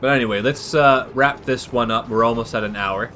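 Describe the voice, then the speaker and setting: A man's voice: mid-range voice, brisk, pushed and bright, a little hiss or hum. A young man, chatting casually over strategy gameplay and drifting into long tangents. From Canada. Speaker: gaming channel host.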